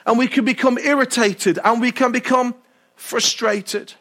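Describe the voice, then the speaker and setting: A male pastor preaching a sermon, animated and often asking the congregation questions. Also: extremely high pitch, measured pace.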